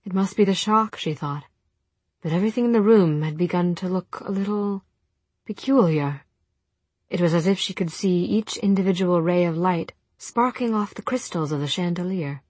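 A woman giving a measured audiobook narration of a novel. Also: fairly low pitch, a little mellow, breathy edge, no echo. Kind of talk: scripted narration.

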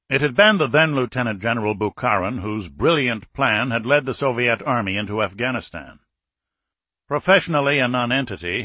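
A man narrating an audiobook thriller in a measured, scripted reading. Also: on the low side, sharp tone, no room sound.

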